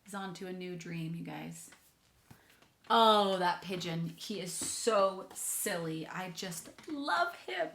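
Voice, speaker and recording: A woman's voice: lowish voice, lively intonation, slow, creaky, a bit bright. A woman teacher giving a chatty, enthusiastic reading lesson to children, talking to them directly. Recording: echoey room.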